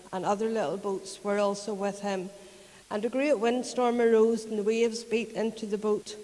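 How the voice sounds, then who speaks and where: A woman's voice: mid-range voice, dark tone. Northern Irish woman preaching in an echoing church. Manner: chatty storytelling with frequent laughs. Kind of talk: conversational sermon.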